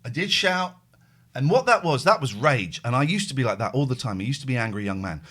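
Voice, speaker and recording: A man's voice: mid-range voice, fast. A middle-aged man hosting a live stream, telling a story in casual chat and acting out the phone calls. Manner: animated storyteller, acts out phone calls, thanks subscribers. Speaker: host.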